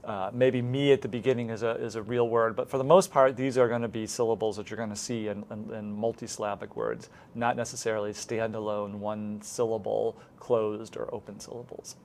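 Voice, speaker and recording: A man's voice: fairly low pitch, little pitch movement, fairly quick, few pauses, a little mellow. Man explaining a reading lesson plan. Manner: explanatory, models teacher scripts step by step. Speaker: instructor. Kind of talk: recorded lecture walkthrough.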